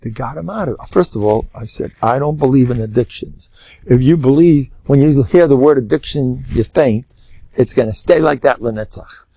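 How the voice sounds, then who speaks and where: An older rabbi, giving a Torah class and swinging between loud emphasis and soft murmurs. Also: male voice, medium pitch, normal speed, vocal fry, no echo. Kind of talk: Torah lecture.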